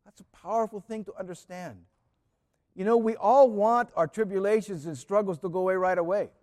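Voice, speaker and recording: A man preaching a sermon in an earnest way, repeating key phrases and often dropping to a soft, quiet voice. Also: sits high, a little fast, big-room sound.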